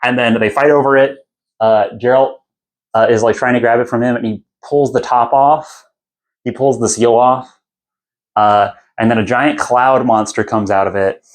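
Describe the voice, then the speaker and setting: A man's voice: mid-range voice, fairly even intonation, moderate pace. A young man hosting a podcast, casually retelling a fantasy book in a loose, irreverent, rambling way. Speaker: podcast host.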